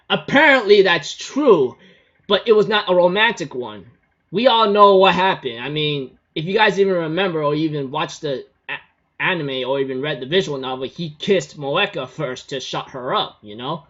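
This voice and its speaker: A man's voice: a little high, expressive, moderate pace, fairly bright tone. A man casually recapping a story in a rambling way, full of fillers, on a dull lo-fi recording.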